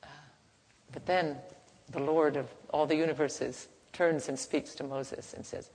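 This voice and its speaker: A woman teaching in a gentle, unhurried, halting way, softly chanting at times, in a reverberant hall. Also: sits low, fairly even intonation. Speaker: spiritual teacher. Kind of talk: devotional teaching talk. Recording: reverberant hall, faint background noise.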